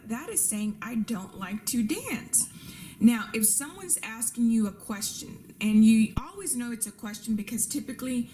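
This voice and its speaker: A woman's voice: on the high side, expressive, normal speed, warm tone, slight background noise. A woman teaching a lesson, patiently repeating rules and examples and checking in with her students. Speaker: Spanish teacher. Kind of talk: classroom lesson with slides.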